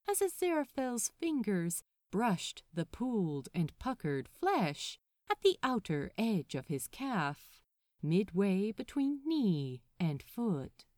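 Woman reader, slow and very melodic, close and dry sound. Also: a little high, no echo. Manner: slow, soft, expressive storytelling. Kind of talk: fan fiction reading.

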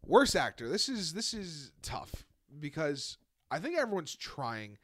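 A man's voice: on the high side, a little slow, no room sound, clean studio sound. A man co-hosting a podcast in casual chat, ranting and joking, swearing often. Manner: animated, swearing, jokey ranting. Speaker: podcast co-host.

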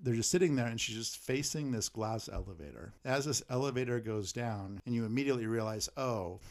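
A man co-hosting a podcast, casually recapping a film's plot and acting out the characters' lines. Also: lowish voice. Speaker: podcast co-host.

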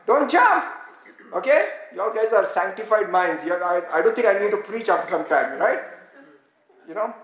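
With a mid-range voice that is animated and brisk, this woman preacher reads scripture aloud and prompts the congregation to repeat words back, teaching through call-and-response. The room is echoey.

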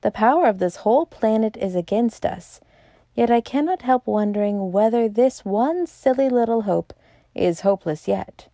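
A woman reading an audiobook aloud, voicing a grim, hopeless male police inspector who speaks quietly. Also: medium pitch, unhurried, dry recording, lightly acted. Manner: quiet, stony.

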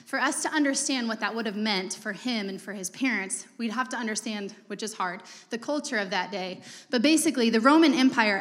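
A young woman delivers a sermon in a loose, conversational manner, full of asides. Her voice sits a little high. The sound carries a long hall reverb. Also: a bit bright. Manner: casual, conversational preaching with fillers and asides. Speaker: preacher.

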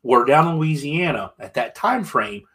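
A man's voice: fairly high pitch, lively intonation, normal speed, a bit bright, a little hiss or hum. A man from Pennsylvania, a musician telling road stories in a casual, rambling way with many restarts. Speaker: musician guest. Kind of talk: casual storytelling.

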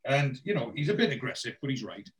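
A man with a medium-pitched voice talks fast on a podcast, recapping a TV series in casual chat. He's an animated storyteller who quotes the characters' dialogue, retelling scenes with plenty of fillers and restarts.

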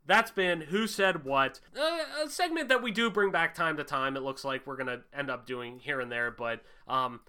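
Young man, podcast host, casual gaming chat, bright voice, swears a lot. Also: medium pitch, moderate pace, few pauses, clear, resonant tone. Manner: loose and animated, swears freely, frequent fillers.

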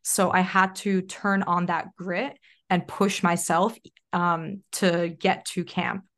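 A young adult woman speaks as a podcast guest, her voice sitting a little low for a woman. She tells a personal story in a loose, animated way, with plenty of "like" fillers. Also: takes it slowly. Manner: chatty, frequent "like" fillers, animated retelling. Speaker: podcast guest, self-leadership coach. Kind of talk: casual interview storytelling.

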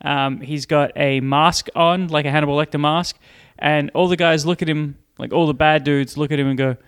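A man's voice: on the high side, normal speed, smooth. A man recapping a movie in casual chat, joking and swearing as he goes. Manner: profane, joking, animated recounting. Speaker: podcast co-host.

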